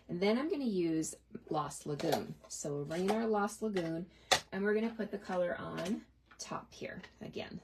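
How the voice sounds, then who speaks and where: A woman's voice: lowish voice, dark tone. A middle-aged woman demonstrating card-making in a live tutorial, explaining each step in a chatty way and answering viewer questions. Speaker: craft demonstrator.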